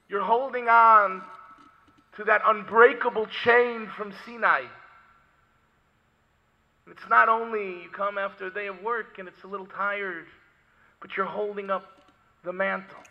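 A man delivering a sermon through a story, moving dramatically between hushed and impassioned speech. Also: high voice, steady tone, unhurried, pauses often. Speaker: preacher. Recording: dull lo-fi recording in a reverberant hall.

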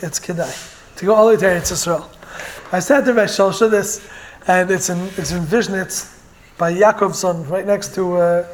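A man giving an earnest Torah lecture in English, mixing in Hebrew and Yiddish terms as he tells stories and explains verses. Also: high voice. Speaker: Torah teacher.

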